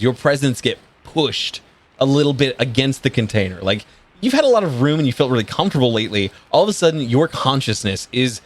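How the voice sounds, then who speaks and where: Casual man running a tabletop game. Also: mid-range voice. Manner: casual, swears, many fillers. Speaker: game master.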